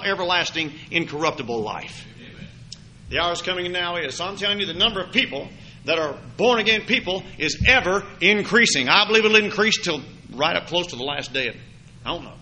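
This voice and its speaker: A man preaching a sermon to a congregation in church, his throat sore and scratchy, rising from quiet talk to loud emphatic preaching. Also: high voice, lively intonation, fairly quick.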